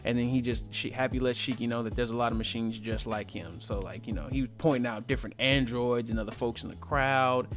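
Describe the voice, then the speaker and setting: Man, mid-pitched voice, laid-back manga recap, slangy and joking, soft music behind. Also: steady tone, fairly quick, hardly any pauses. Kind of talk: casual chapter recap.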